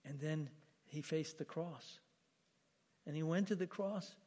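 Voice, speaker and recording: A fairly high-voiced male pastor delivers a sermon with real emphasis. He often repeats himself and swings from loud, lifted phrases down to soft, low asides. The sound carries a long reverb from a large hall. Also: a little slow.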